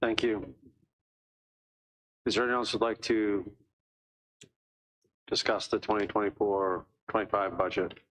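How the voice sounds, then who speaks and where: Male board chair, lowish voice, formal and repetitive procedural delivery. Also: fairly even intonation, unhurried, pauses often, fairly bright tone, rough recording. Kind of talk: chairing a public hearing.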